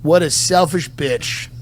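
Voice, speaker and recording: A comedian delivering a satirical, mock-solemn patriotic monologue in a deadpan manner. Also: male voice, fairly high pitch, very noisy. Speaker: comedian and podcast host.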